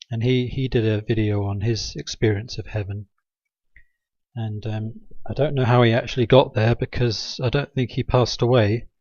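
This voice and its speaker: A man's voice: mid-range voice, darkish tone, no room sound, muffled recording. A man rambling through a satirical monologue, sarcastic and hesitant, with many ums. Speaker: video maker.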